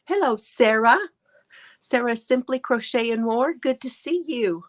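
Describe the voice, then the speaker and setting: A woman drawls along at an easy, unhurried pace as she hosts a casual crafting livestream. She chats and laughs often, greeting each viewer by name. Her voice is picked up on a phone mic. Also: fairly high pitch. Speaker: crochet livestream host.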